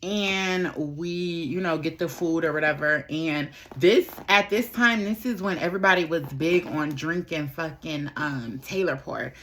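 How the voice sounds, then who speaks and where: A woman's voice: low-pitched, a little slow, few pauses, a bit bright, slight background noise. A young woman, telling a candid storytime, chatty, swearing freely and repeating her phrases. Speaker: vlogger. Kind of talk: casual storytime while doing makeup.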